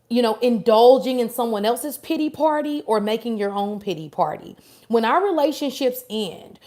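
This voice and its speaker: Chatty woman giving a live tarot reading. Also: mid-range voice. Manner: chatty, warm, affirming, addresses viewers directly. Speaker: tarot reader. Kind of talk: live-stream tarot reading, casual chat with viewers.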